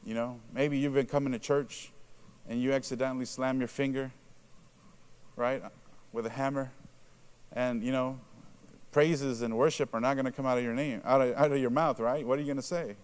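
This man's voice is steady, clear, and resonant, at normal speed. Preaching conversationally, he asks the congregation questions and appends "right?" to his points, and he lowers his voice to perform quoted reactions; Spanish is his first language.

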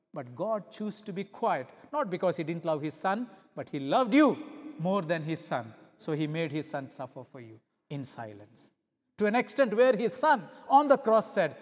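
A middle-aged male visiting pastor preaching a sermon, moving between loud emphatic peaks and hushed low passages and asking his listeners rhetorical questions. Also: big pitch swings, moderate pace. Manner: asks the congregation rhetorical questions. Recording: long hall reverb.

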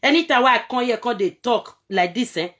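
A woman's voice: fairly high pitch, expressive, moderate pace, a bit bright. A Nigerian woman vlogging straight to camera in a repetitive, scolding rant, switching between Pidgin and local-language phrases.

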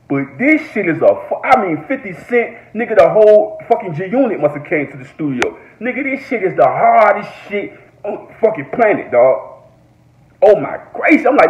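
A man giving an excited, profane reaction rant in a casual vlog, repeating his exclamations over and over. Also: a little high. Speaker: reaction vlogger. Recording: echoey room, phone-like sound.

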